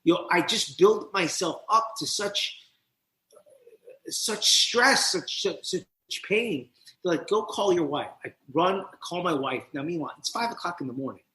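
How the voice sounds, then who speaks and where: A man, a podcast guest and recovery mentor, telling his personal story in an animated, profane way and acting out the voices of people in it. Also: high-pitched, a little slow. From New Jersey. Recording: roomy echo.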